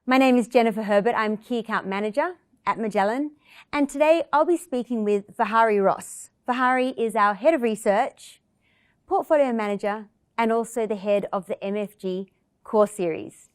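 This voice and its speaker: A woman hosts an investment interview, opening with a polished, scripted introduction before asking questions. Her voice sits fairly high. The recording is dry and close, with no room sound. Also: normal speed, dry recording. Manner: polished, read-from-script delivery. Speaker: interview host.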